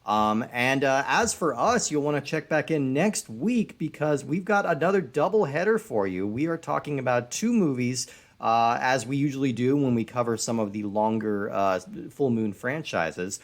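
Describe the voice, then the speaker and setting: A man co-hosting a movie podcast, relaxed and chatty with many fillers. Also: medium pitch, normal speed, hardly any pauses. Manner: relaxed, laughs easily, many uhs. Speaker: podcast co-host. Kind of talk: casual podcast chat.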